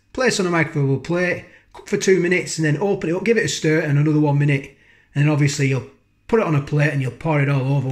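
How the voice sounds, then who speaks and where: Casual food vlogger, male, slightly high voice, rambling and homely, loves a tag question. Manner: chatty, rambling, keeps asking tag questions. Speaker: food reviewer. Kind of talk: casual food review vlog. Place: home kitchen, indoors.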